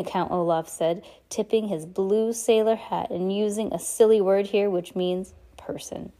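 A woman reads a novel aloud in a relaxed, casual way, now and then stumbling and breaking off to chat. Her voice sits at a middling pitch. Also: unhurried, few pauses, slight background noise. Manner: relaxed, stumbles and chats between passages. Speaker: reader.

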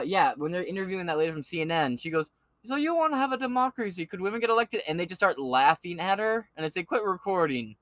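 A man's voice: on the high side, dry recording. A male podcast host reading news aloud and breaking off into sarcastic, profane rants. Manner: sarcastic, swears often, shouts in bursts. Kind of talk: profane political commentary.

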